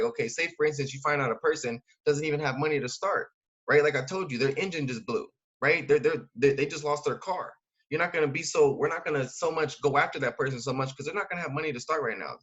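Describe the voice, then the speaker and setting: A man's voice: medium pitch, a bit bright, husky. A man coaching his audience in a casual, slangy way, full of fillers and asking "right?" again and again. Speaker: network marketing recruiter. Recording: dull lo-fi sound.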